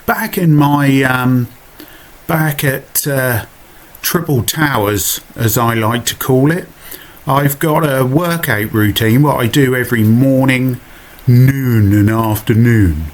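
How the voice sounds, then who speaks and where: A man's voice: medium pitch, slow. A man with a Suffolk accent narrating his own cycling video in a chatty, self-mocking voiceover full of asides. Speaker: vlogger.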